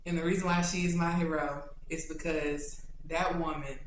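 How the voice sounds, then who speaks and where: A young adult woman vlogger answering questions in a casual, chatty, animated way. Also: deep voice, moderate pace, a little hiss or hum. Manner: chatty and animated, turning tender and choked up. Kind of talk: casual Q&A chat to camera. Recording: echoey room.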